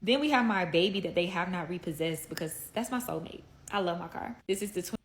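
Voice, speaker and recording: A woman's voice: fairly low pitch, animated, fast talker. A woman in a casual video monologue, playfully and affectionately going through her cars and what she paid for each. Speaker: social media creator listing her cars.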